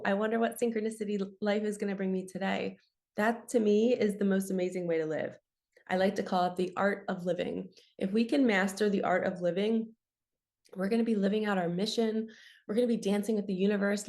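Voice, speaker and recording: A woman's voice: medium pitch, darkish tone. A young adult woman, a spiritual coach, giving an earnest, chatty solo talk to her viewers. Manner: earnest, chatty, uses "you guys" and "like". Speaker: spiritual coach and channel host.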